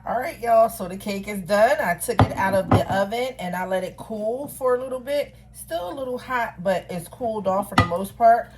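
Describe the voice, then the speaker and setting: Baking at home on camera, a middle-aged home cook with a Philadelphia accent chats with viewers she addresses as "y'all." She speaks at medium pitch and moderate pace with few pauses, animated and poking fun at herself, on a low-quality recording.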